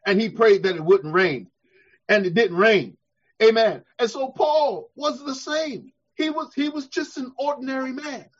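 A man preaching a sermon, drawing answers from the congregation, his delivery swelling to shouts and falling to a hush. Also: very high voice, measured pace, lo-fi sound. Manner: preaching with call-and-response, swelling to shouts then dropping soft. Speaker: pastor.

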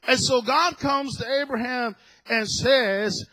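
A man's voice: very high voice, moderate pace, bright, forceful tone, husky, no echo, rough recording. A male pastor preaching a sermon emphatically, often chuckling and putting questions to the congregation.

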